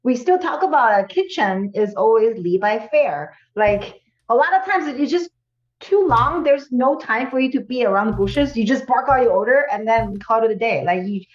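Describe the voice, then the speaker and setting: A woman chef as a guest in a casual interview, speaking in halting, non-native phrasing. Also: fairly high pitch, expressive, reverberant, highs cut off.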